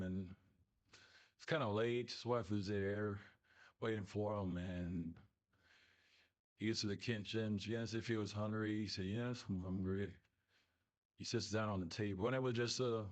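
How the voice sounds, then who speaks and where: A man casually telling a family ghost story in a rambling, halting way full of fillers. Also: lowish voice, fairly even intonation. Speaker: listener telling a submitted story.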